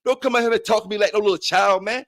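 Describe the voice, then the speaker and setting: A man's voice: high voice, fairly even intonation, rapid-fire, a bit bright. A man hosting a livestream, taunting and cursing at a rival in heated trash talk. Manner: profane, taunting, challenging. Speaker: livestream host.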